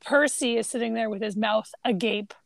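A woman's voice: a little high, normal speed, vocal fry, no echo. A woman co-hosting a casual film chat, retelling scenes and acting out the lines. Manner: animated, acts out quoted lines. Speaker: podcast co-host.

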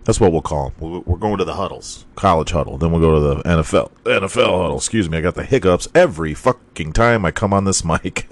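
A man's voice: sits low, fast talker. A man hosting a sports podcast, reading college football scores in a casual, profane, ranting manner and laughing at his own slips.

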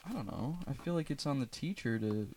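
An easygoing man with a middle-pitched voice chats with friends and asks lots of questions. Now and then he stutters over his words. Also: lively intonation, brisk, darkish tone, a little hiss or hum. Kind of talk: casual chat among friends.

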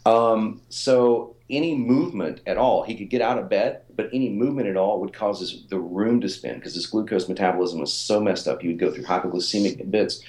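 Deep-voiced man in his forties, rambling. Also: a little fast, few pauses, darkish tone, reverberant. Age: 40s. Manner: rambling, repeats words, lots of fillers. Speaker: fitness author and coach. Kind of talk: casual interview storytelling.

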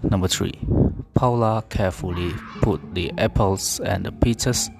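A man reading an English pronunciation drill aloud, carefully and deliberately, with occasional slips and self-corrections. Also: deep voice, vocal fry, over loud music.

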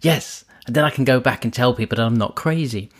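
A man's voice: medium pitch, a little fast, close to an everyday voice. A man doing an eager little storybook mouse. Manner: hesitant, excited. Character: curious little male mouse, eager and nervous.

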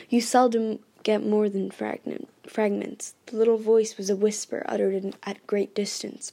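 A woman narrates a first-person ghost story at a middling pitch, her voice carrying a gravelly fry. She reads steadily but often stumbles, restarts phrases and corrects herself as she goes. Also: warm tone. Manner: reading with frequent restarts and self-corrections. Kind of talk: first-person novel read aloud.

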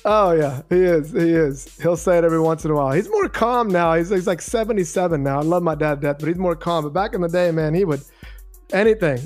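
A man co-hosting a podcast in casual chat, animated and quick to laugh. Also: a little high, faint music behind. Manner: laughs easily, animated storytelling. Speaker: podcast co-host.

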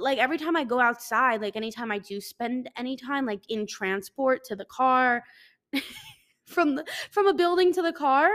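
A woman's voice: high-pitched, a bit bright. Rambling young woman podcast host. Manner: rambling, self-deprecating, swears casually. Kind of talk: casual solo podcast chat. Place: living in a hot city.

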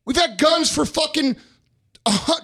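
Guy in his 30s ranting on his podcast, swears constantly, fed up, highish voice, dry sound. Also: animated, measured pace, fairly bright tone, dry recording. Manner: profane, fired-up, frustrated. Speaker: podcast host. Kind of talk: casual ranting talk.

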